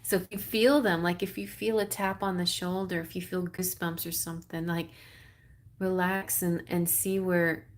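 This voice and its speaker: A woman's voice: fairly low pitch, flat delivery, normal speed. A woman with a Texas accent hosting a live tarot stream, chatting casually in a rambling way, full of fillers and frequent laughs.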